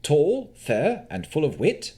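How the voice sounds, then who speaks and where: A man voicing a bubbly, lively winter fae prince. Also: on the high side, slow pace, pitched above the performer's own voice, heavily acted. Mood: cheerful. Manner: animated and theatrical. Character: cheerful male winter fae prince, playful. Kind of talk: audiobook character voice.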